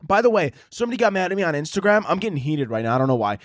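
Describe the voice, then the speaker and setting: A man's voice: a little high, racing, no room sound, studio quality. A young man hosting a solo comedy podcast, ranting with lots of swearing. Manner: profane, animated ranting with mocking impressions. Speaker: podcast host.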